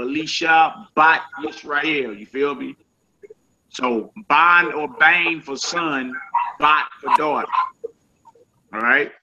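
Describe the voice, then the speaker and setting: A man teaching a casual Hebrew vocabulary lesson, saying each word slowly and repeating it, with relaxed slang asides to his listeners. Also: on the high side, slight background noise. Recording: dull lo-fi sound.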